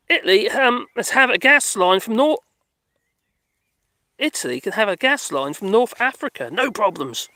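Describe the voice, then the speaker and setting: A man's voice: high-pitched, animated, moderate pace, pushed and bright, no echo. A man chatting casually and rambling through a live stream on a dog walk, reading out viewer comments and talking to his dogs. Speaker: vlogger reading live chat.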